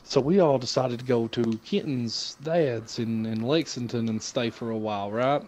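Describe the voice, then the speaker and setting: A young man spins a loose, profane story in casual chat, laughing at his own telling. His voice sits at an ordinary middle pitch. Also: normal speed, a little mellow.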